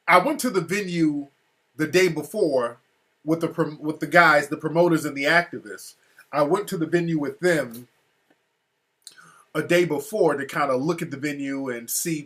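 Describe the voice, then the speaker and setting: A man's voice: on the high side, fairly bright tone. An American man telling a story casually, full of profanity, restarts and asides. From United States. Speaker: speaker recounting a trip.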